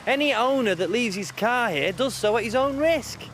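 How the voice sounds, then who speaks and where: A pompous supermarket manager hides behind policy with smug officiousness. His voice sits high and swings a lot. Faint street noise hums behind him. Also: animated, normal speed, fairly bright tone. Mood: officious. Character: prim, evasive male supermarket manager. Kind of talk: TV soap acting.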